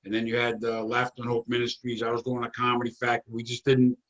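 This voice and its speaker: A man's voice: mid-range voice, monotone, fast talker, muffled recording. A man in his sixties with an Italian-American accent, hosting a comedy chat on a video call and reminiscing in a rambling way. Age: 60s. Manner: reminiscing, rambling and warm-hearted. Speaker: comedy show host.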